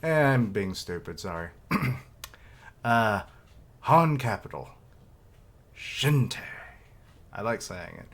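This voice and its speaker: A man with a low voice talks slowly and loosely on a casual live reaction stream. He rambles, cracks jokes and reads bits of comic dialogue aloud as he goes. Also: sing-song, a bit bright.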